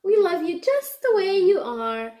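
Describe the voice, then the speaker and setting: A woman voicing a loving mother wolf from a storybook, reassuring in a gentle, unhurried tone. The reading sounds like it is in an echoey room. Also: very high-pitched, sing-song, pitched above the performer's own voice, full character voice. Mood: tender.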